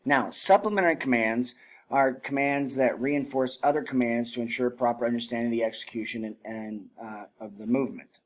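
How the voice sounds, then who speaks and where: Guy teaching drill commands, mid-pitched plain voice, explains stuff then barks out the commands. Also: fairly quick. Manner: explains plainly, shouts drill commands and cadence counts in demonstrations. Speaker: drill instructor. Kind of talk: spoken lesson on military drill.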